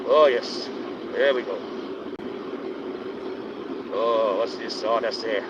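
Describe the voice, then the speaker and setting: A man live-streaming while driving on a highway, giving rambling, opinionated commentary in a put-on accent. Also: slow, long pauses. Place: inside a moving car on a highway. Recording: dull lo-fi sound with road noise. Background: engine and road noise.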